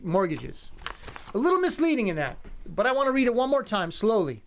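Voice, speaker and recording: A talk radio host in his fifties speaks at normal speed in a high-pitched voice that swings widely in pitch. He's conversational and emphatic, greeting callers by name.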